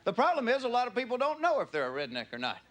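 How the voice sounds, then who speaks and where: A man's voice: very high-pitched, huge pitch swings, very fast, fairly bright tone. A man with a Southern US accent doing a stand-up routine, drawling through stories and slipping into voices. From Southern United States. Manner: drawling, storytelling, slips into character voices. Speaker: stand-up comedian. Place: comedy club stage. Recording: live club audio with crowd and noise. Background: laughing audience.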